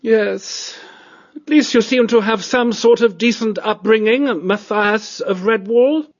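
A man narrating a storybook and voicing a cultured, disdainful male cat aristocrat with a high, reedy tenor voice. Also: slow, highs cut off, exaggerated voice. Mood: weary. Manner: fussy, disdainful, plummy.

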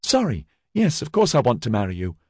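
Male reader doing a tearful young woman, croaky, pitched way up, lively, dry close sound. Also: a little slow, no echo. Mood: flustered. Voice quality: croaky, unsteady. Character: distraught young woman, weeping, emotional.

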